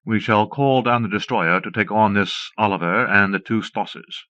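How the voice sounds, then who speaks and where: A man's voice: lowish voice, normal speed, pushed and bright, no room sound. A man voicing a cold, snarling lab chief woman. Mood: decisive. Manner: snarling, decisive. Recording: dull dry cassette audiobook.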